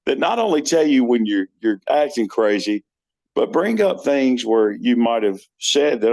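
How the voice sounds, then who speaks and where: A man's voice: mid-range voice, expressive, measured pace, darkish tone. A man talking as a podcast guest in casual chat, telling stories earnestly with many restarts.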